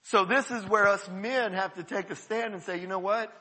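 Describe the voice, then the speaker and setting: A man preaches with a high, bright voice, talking to the congregation like he's chatting with friends and leaning hard on key words. His tone carries a husky edge. The sound rings out with long reverb, as in a church sanctuary. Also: fairly even intonation, normal speed. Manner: conversational preaching, emphatic, breaks into quoted voices. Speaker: pastor. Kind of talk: sermon.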